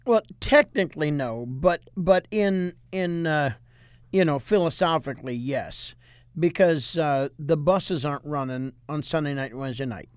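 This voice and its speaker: Wry, fairly high-voiced older pastor. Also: male voice, moderate pace, clear, resonant tone, no room sound, clean studio sound. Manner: wry teasing, hedging restarts. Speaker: podcast co-host, pastor. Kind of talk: casual chat.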